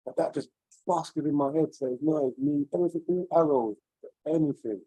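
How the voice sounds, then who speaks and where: A man's voice: a little high, a little fast, warm tone, dry recording, poor audio. A man on a video call, sharing a personal story in an earnest, searching, rambling way. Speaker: webinar participant.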